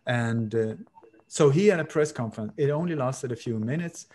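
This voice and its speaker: This interview guest, a man, tells an animated story in a medium-pitched, slightly mellow voice at a moderate pace. He's emphatic and sarcastic, repeating words for effect.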